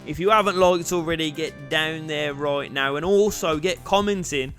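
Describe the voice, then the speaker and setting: Young gaming host, high sharp voice, shouts goals and curses at the ref. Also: male voice, normal speed, soft background music. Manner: excitable, shouts at goals, swears at the referee. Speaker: gaming YouTuber. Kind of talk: commentating his own football game.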